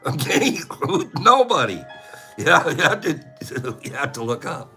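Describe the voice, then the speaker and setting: A man's voice: medium pitch, wildly swooping pitch, moderate pace, pushed and bright, faint music behind. A middle-aged man hosting a casual chat, goofy, often laughing and breaking into silly bird calls. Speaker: host.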